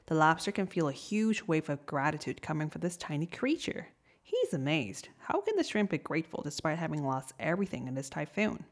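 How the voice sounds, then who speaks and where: A woman reading a storybook tale aloud in a gentle, soft-spoken way. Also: fairly low pitch, very animated, moderate pace. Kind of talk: storybook narration.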